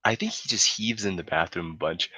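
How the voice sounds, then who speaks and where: A young adult man telling a story in casual chat, animated and laughing, swearing freely. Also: sits low, a little fast, husky, no room sound.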